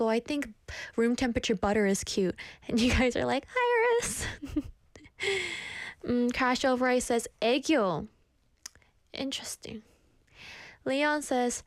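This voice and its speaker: A woman's voice: on the high side, no echo, studio quality. A young woman hosting a casual stream, chatting with viewers, reading their comments aloud and telling self-deprecating stories. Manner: animated quoted voices in stories. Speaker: streamer host reading chat.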